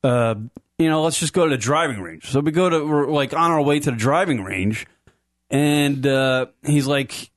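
A man's voice: fairly high pitch, very animated, moderate pace. Profane, storytelling New man. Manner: profane, storytelling, laughs often. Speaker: podcast co-host. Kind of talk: casual chat.

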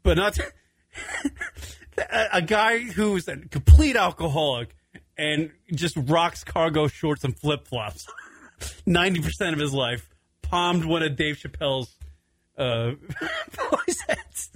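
A man's voice: fairly high pitch, slow pace, husky. A young adult man hosting a radio talk show, telling a long story casually, swearing freely and laughing as he goes. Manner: animated, swearing often, laughing through the story.

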